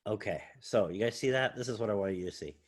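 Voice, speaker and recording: A man's voice: lowish voice, lively intonation, fast talker, breathy edge. A man, a college English professor, giving a casual, rambling recorded lecture while sharing his screen, thinking aloud with many fillers.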